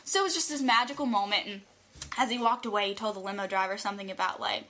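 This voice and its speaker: A woman's voice: mid-range voice, quick pace, a bit bright. A young woman with a North Carolina accent, a podcast guest telling long, rambling anecdotes in casual chat. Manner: outgoing, talkative, rambling anecdotes. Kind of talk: casual chat, animated storytelling.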